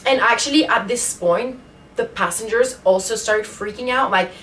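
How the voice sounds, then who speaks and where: A woman's voice: a little high, normal speed, bright, forceful tone, a little hiss or hum. A woman vlogger telling a personal story in a casual storytime vlog, emotional and full of fillers. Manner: emotional retelling, many fillers.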